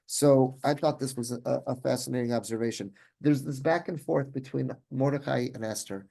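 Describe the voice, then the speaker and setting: A man, a rabbi, teaching a Torah class in an animated, conversational way, often restarting sentences and mixing in Hebrew terms. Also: mid-range voice, normal speed, gravelly.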